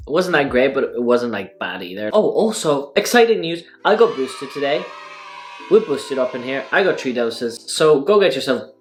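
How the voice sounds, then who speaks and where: A man's voice: mid-range voice, sing-song, normal speed, background noise. A man hosting a casual eating vlog, talking through mouthfuls in a wry, sarcastic way. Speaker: food vlogger. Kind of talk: casual mukbang vlog talk.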